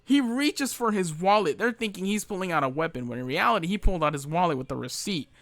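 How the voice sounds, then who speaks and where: Ranting young man, fast and profane. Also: high-pitched, expressive, a bit bright, no room sound. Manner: profane, ranting, frequent fillers and restarts. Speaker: former retail worker telling stories. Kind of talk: casual storytelling rant.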